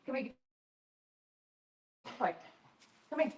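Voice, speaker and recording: A woman streamer chatting casually while cooking at home, coaxing her dog in a high sing-song voice and reading chat aloud. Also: slow, darkish tone. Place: home kitchen.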